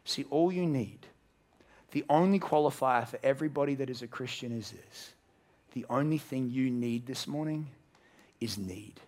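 A man's voice: medium pitch, moderate pace, a little mellow. A man preaching a sermon to a church congregation, earnest, acting out the characters in his story. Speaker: pastor.

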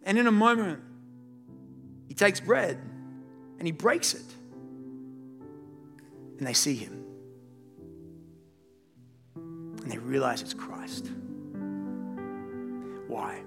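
A man's voice: on the high side, big pitch swings, extremely slow, creaky, pauses often, music in the background. A man preaching a sermon as pastor, speaking earnestly and directly to his congregation in a church service. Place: church service in a large room.

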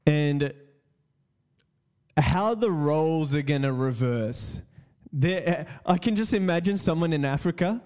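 A man's voice: a little high, expressive, unhurried, long pauses, a little mellow, clear, resonant tone. A man hosting a casual solo podcast, rambling, swearing and repeating his words. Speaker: podcast host.

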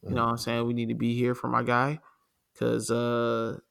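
A man's voice: medium pitch, monotone, moderate pace, gravelly, fairly bright tone, smooth. A man co-hosting a podcast, talking in hyped, slangy casual chat and often saying "listen". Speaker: podcast co-host.

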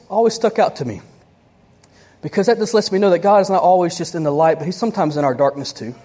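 Woman preacher, sermon delivery, animated and conversational, quick asides. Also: low voice.

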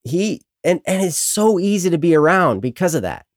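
A man's voice: fairly high pitch, very animated, moderate pace, no room sound, clean studio sound. A man co-hosting a casual faith talk show, speaking reflectively and leaning on "you know" fillers. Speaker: co-host.

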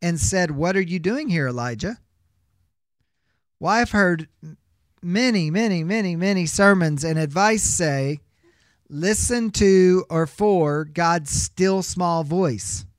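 A man's voice: high-pitched, expressive, takes it slowly, dry recording, clean studio sound. A man teaching a biblical counseling class, reading scripture aloud and explaining it emphatically with rhetorical questions. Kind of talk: Bible teaching lecture.

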